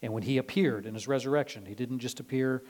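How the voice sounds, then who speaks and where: A man's voice: mid-range voice, quick pace, darkish tone. A male pastor giving a casual, conversational sermon, full of fillers and dramatized quotes. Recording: long reverb of a large hall.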